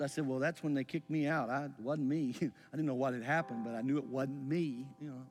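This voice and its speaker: A man, preaching a sermon as a pastor, his voice swelling with feeling and then falling to a near hush. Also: mid-range voice, steady tone, fairly quick, hardly any pauses, faint music behind. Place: church sanctuary. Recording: long reverb in a large hall.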